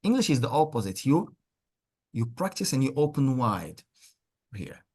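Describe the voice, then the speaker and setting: Male language tutor on a video call, lively pitch, slightly husky, keeps praising students. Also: normal speed. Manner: encouraging, repeats words, frequent praise. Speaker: English teacher. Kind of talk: online language lesson. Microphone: computer mic on a video call.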